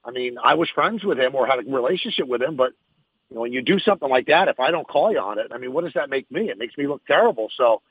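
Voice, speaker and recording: A man's voice: mid-range voice, lively intonation, quick pace, husky, no echo, phone-quality sound. A man who hosts sports radio, answering interview questions frankly and emphatically, thinking aloud as he goes.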